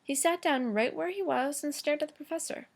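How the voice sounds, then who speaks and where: A woman teacher reading a chapter book aloud to her class, slow and careful, with small stumbles and self-corrections. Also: high-pitched, creaky.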